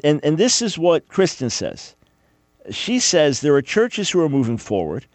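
A man's voice: medium pitch, darkish tone, no room sound. A man hosting a radio talk show, preaching fervently and emphatically, often repeating his phrases.

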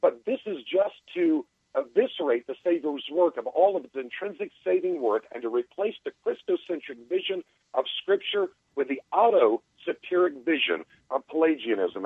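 A man calling into a radio show, making a measured theological argument and reading out quotes. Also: fairly high pitch, slightly rough, no room sound. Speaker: caller. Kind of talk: theological argument over the phone. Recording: tinny phone line.

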